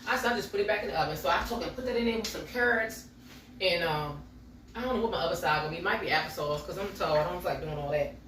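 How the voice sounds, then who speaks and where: A woman's voice: lowish voice, fast, a bit bright, a little hiss or hum. Chatty woman in an echoey kitchen. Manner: chatty, talks straight to viewers as y'all. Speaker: home baking vlogger. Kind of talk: casual chatty vlog while baking. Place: home kitchen. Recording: echoey kitchen, mic from far off.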